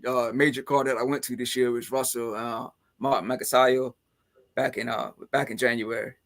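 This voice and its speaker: A man's voice: medium pitch, level tone, normal speed, fairly bright tone. A man hosting a casual podcast chat who rambles along, filling his talk with "man" and "you know". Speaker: podcast host.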